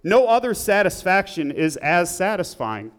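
A man's voice: very animated, normal speed, clean tone. A man preaching a sermon in church, praying and then telling a story with rising emphasis. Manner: earnest, builds up emphatically in the story, drops low and soft in prayer. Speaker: pastor. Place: church sanctuary.

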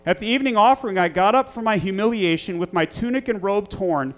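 Earnest pastor guy with a high voice preaching in church, hammers key phrases, lots of rhetorical questions. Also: fast, soft background music. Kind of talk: sermon with scripture reading. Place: church sanctuary.

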